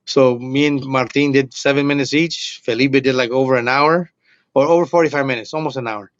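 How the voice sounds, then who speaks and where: A man's voice: medium pitch, a little fast, no echo. A man in his forties, a comedian guest, telling a story in casual chat and acting out what people said. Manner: animated, acts out quoted lines. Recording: muffled lo-fi, dry.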